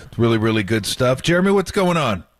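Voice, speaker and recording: A man's voice: medium pitch, sing-song, fast, no echo. A man hosting sports radio, chatting in an upbeat, jokey way. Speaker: radio host. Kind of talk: casual sports radio chat.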